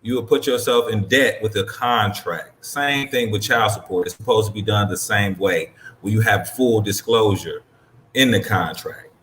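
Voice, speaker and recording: A man's voice: on the low side, normal speed, a bit bright, echoey room, slight background noise. A man hosting and commenting on a clip in a blunt, emphatic, profane way. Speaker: host reacting to a clip. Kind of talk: casual commentary.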